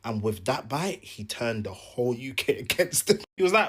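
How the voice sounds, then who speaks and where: A man telling a comic story in an animated, jokey way, acting out each side. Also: mid-range voice, normal speed, husky. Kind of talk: comedic storytelling.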